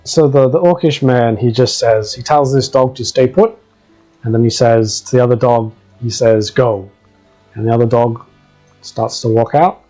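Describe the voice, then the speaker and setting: A man narrating as game master in a relaxed, filler-laden storytelling manner. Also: mid-range voice, moderate pace, faint music behind, rough recording.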